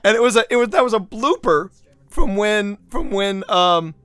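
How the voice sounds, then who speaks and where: A man streaming from home in casual chat, telling stories with lively voiced impressions. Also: high voice, moderate pace. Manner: animated storytelling with voiced impressions.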